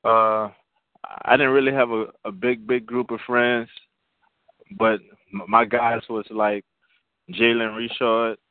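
A man's voice: medium pitch, little pitch movement, takes it slowly, pauses often, clear, resonant tone, dry recording. A young male college football player answering interview questions hesitantly, in short plain sentences. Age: young adult. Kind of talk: phone interview. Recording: phone-line call.

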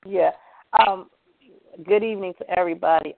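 Middle-aged female church director, moved and earnest, mid pitch, phone audio. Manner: emotional, slow, earnest. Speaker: program director of a ministry. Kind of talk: heartfelt church talk. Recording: tinny phone line.

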